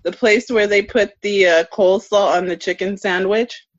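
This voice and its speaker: A woman's voice: medium pitch, fairly even intonation, moderate pace, no room sound. Curious woman guest, muffled sound. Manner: curious, easily amused. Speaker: podcast guest. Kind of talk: casual chat.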